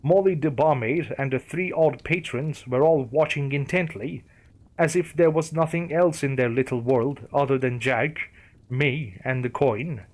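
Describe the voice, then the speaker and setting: A man reading a first-person horror story aloud with a steady storytelling delivery. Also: mid-range voice, unhurried. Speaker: narrator. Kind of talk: scripted horror story narration.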